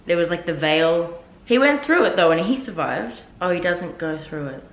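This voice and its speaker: A young woman reacting to a book she is reading, animated and exasperated, swearing freely as she talks. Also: on the low side, normal speed. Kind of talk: casual reading-reaction vlog. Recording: roomy echoey room.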